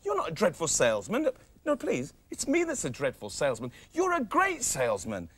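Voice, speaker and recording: A man's voice: on the high side, wildly swooping pitch, a little fast, a bit bright. A man presenting a children's comedy show, talking in a flustered, pleading, comic way. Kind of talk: sitcom comedy acting.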